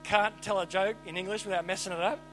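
A man preaching a sermon, animated and emphatic, swinging between loud and quiet. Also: high-pitched, quick pace, soft background music, poor audio.

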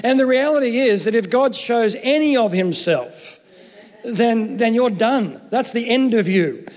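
A man's voice: extremely high pitch, lively intonation, a little slow, darkish tone, big-room sound. A man giving a Christmas sermon as pastor, chatty and joking, often restarting his sentences. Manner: conversational, jokey, self-interrupting.

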